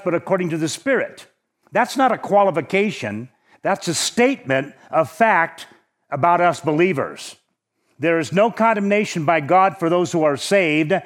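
A man preaching a sermon in a conversational teaching manner, slowing down to stress key words. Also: on the high side, a bit bright.

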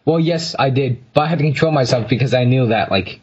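A man's voice: mid-range voice, fast, slightly rough, dull audio. A teenage boy co-hosting a podcast, telling a rambling story with lots of fillers and laughs. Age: teens. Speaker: podcast co-host. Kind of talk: casual chat.

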